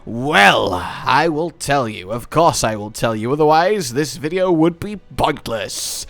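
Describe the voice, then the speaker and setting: A man's voice: medium pitch, measured pace, creaky, no echo. A man hosting a gaming video, talking through game lore in a playful, jokey way. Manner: playful, jokey wordplay, animated.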